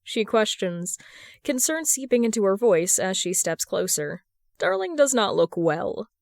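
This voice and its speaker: A woman narrating a fan fiction story in a steady, even read. Her voice sits mid-range, and the recording is dry and close with no room echo. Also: mid-range voice, measured pace, creaky. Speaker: podfic reader.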